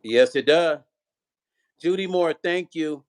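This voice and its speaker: A man hosts his own music vlog as a relaxed livestream. His voice sits somewhat high for a man, and he talks in an easygoing, chatty way, reading out viewer comments and greeting people by turn. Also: takes it slowly. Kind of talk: casual livestream chat.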